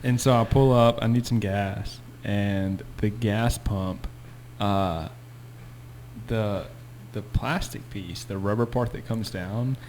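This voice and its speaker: A man in casual podcast chat, relaxed, chiming in with his own side stories. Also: fairly low pitch, slow, a little hiss or hum.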